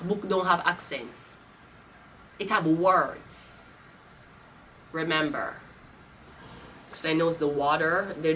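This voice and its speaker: A Jamaican woman talks through a tarot reading in a loose, rambling way, blunt and quick to swear. Her voice is bright and a little sharp. A faint hiss sits under the recording. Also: lowish voice. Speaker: tarot reader. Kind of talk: casual tarot reading monologue.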